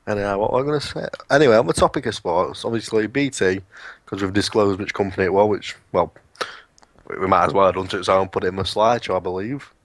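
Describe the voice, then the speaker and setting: Young man, low voice, sweary banter, casual podcast, dry close sound. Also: quick pace, no echo. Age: young adult. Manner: sweary, jokey, rants. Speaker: podcast co-host. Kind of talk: casual chat.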